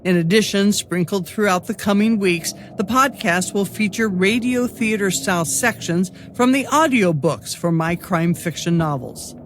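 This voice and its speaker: A woman hosting a podcast, giving measured scripted narration for a radio-theater mystery. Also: mid-range voice, animated, a little hiss or hum.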